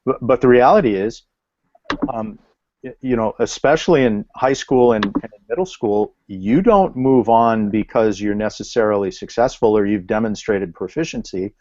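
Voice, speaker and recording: A man, an educator in a casual video call discussion, laying out an extended argument in a measured, explanatory way. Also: lowish voice, a little mellow, dry recording. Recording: dull dry video call audio.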